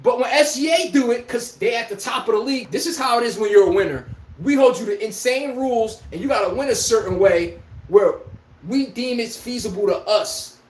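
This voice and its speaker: A man's voice: very high voice, a little fast. A man hosting a podcast, delivering a heated, profane sports rant with an incredulous tone. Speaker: podcast host. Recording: echoey room.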